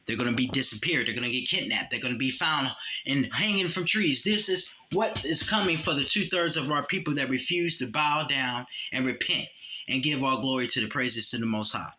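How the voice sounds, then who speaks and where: A man giving a blunt, profane, preachy monologue, quoting scripture and swinging between raised emphasis and low, dropped-voice warnings. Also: a little fast, pushed and bright. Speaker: religious commentator.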